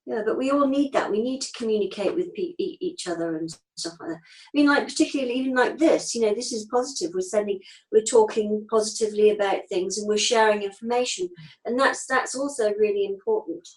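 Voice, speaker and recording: In a casual interview, a straight-talking acupuncturist in her fifties explains things with homely, everyday comparisons. She speaks fairly quickly at a medium pitch, and the audio quality is poor.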